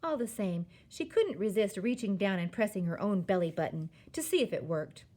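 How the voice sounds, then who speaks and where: A woman's voice: mid-range voice, lively intonation, moderate pace, warm tone. Woman reading a storybook aloud. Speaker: reader. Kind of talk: reading a children's book aloud.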